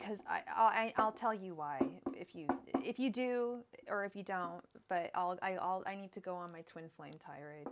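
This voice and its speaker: A woman's voice: mid-range voice, normal speed, hardly any pauses, heavy background noise. Woman ranting as a live tarot reader. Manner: murmurs repeated card invocations, then rants heatedly; casual, swears, calls viewers girl. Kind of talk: live-stream tarot reading.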